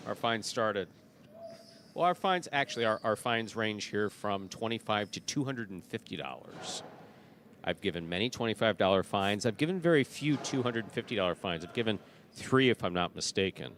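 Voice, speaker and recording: Middle-aged male jai alai announcer, low-pitched, chatty, corrects himself as he goes. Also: animated, moderate pace, a bit bright, slight background noise. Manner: chatty, explanatory, self-correcting. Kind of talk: broadcast commentary and chat.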